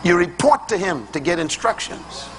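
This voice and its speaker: A man's voice: high voice, sing-song, moderate pace, noisy background. A man preaching a sermon to a congregation, emphatic and rhythmic in his delivery and loose and colloquial in his phrasing.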